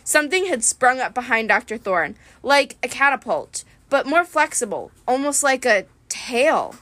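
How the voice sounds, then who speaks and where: A woman reading a first-person adventure novel aloud in a lively storytelling manner. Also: high voice, normal speed, dry recording. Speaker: reader.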